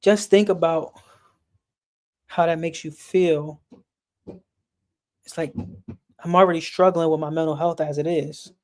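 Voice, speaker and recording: A man speaking earnestly in a casual, personal way, his voice sitting a little higher than most men's. His delivery stays level and unvaried, and he often repeats a word or two as he searches for what to say next. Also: fairly even intonation, a little slow, long pauses, darkish tone. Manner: earnest, repeats words while searching for them. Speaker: speaker on a sports and mental health stream.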